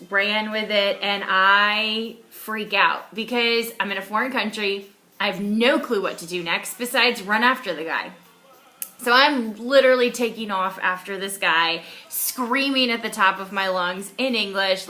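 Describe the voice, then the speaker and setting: A young woman casually recounting a personal story, animated, with frequent fillers and restarts. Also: medium pitch.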